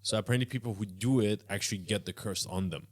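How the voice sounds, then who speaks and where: A young man hosting a podcast, talking quickly and often laughing in casual chat. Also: lowish voice. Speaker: podcast host.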